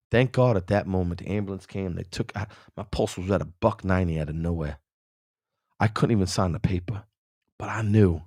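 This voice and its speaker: Low-pitched guy hosting a show, telling his own story, super earnest and casual. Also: darkish tone, no echo, studio quality. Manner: earnest, addresses listener by name; slangy casual speech. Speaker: podcast host. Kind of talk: motivational personal story.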